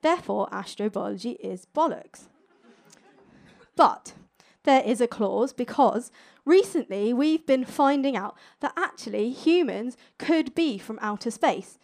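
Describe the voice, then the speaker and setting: High-voiced cheeky woman comic. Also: lively intonation, vocal fry. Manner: playful, cheeky, quick with jokes. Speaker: stand-up science comedian. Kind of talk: stand-up comedy set. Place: stage before a live audience.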